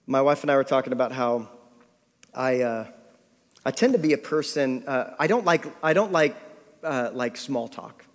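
A man's voice: mid-range voice, normal speed. A middle-aged man preaching a sermon, telling a story with animation and acting out his own thoughts. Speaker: pastor. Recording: long reverb of a hall.

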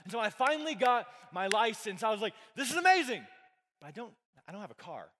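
A man's voice: high-pitched, sing-song, quick pace, a bit bright. A young man giving a casual youth sermon, chatty, full of fillers and joking with the crowd. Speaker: youth pastor. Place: church hall with a live audience. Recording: long hall reverb.

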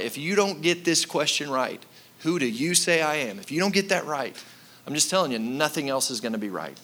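A man's voice: medium pitch, sharp tone. A man preaching a sermon as pastor, speaking emphatically and repeating key lines while addressing the congregation directly.

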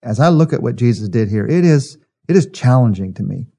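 A man preaching a sermon as pastor, earnest, slowing and softening on key phrases. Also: mid-range voice, animated, vocal fry, slightly rough.

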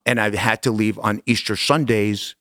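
Middle-aged guy telling his story on a podcast, lowish voice, acts out the dialogue, dry close mic. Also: normal speed, no room sound. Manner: animated, acts out quoted dialogue, casual slang. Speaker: guest. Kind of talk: personal storytelling in an interview.

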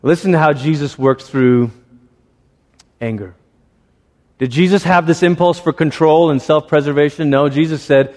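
A man's voice: on the high side, moderate pace, a little mellow, big-room sound. A man preaching a sermon in a conversational way, acting out little voices as he goes. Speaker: pastor.

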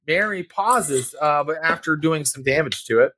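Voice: mid-range voice, animated, normal speed, sharp tone, no echo. Game master running a tabletop game, rambly, lots of um and like, super dry recording. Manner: rambling, many ums and likes, laughs often.

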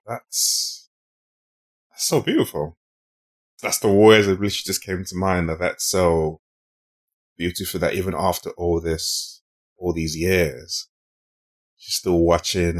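Deep-voiced man hosting an interview. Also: steady tone, a little slow, pauses often. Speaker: podcast host. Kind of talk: casual interview chat.

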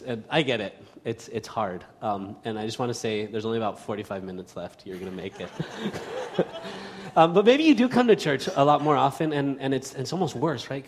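A man who grew up between the United States and Spain gives a sermon as a pastor, chatty and self-deprecating with many fillers and restarts. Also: medium pitch. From United States, raised in Spain. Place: church hall. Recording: reverberant church hall.

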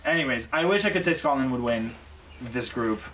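Man, podcast co-host, casual chat, playful, enthusiastic, mid pitch. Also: brisk, far from the mic, slight background noise, low-quality recording. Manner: animated, playful, enthusiastic talker.

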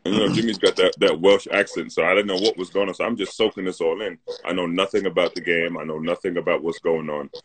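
A man's voice: deep voice, fairly even intonation, fast talker, hardly any pauses, slight background noise. A man in his thirties with a London accent, telling stories in a laid-back live-stream chat on a phone mic. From North London, England. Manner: laid-back storyteller, "like" and "you know". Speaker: co-host. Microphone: phone on a live video stream.

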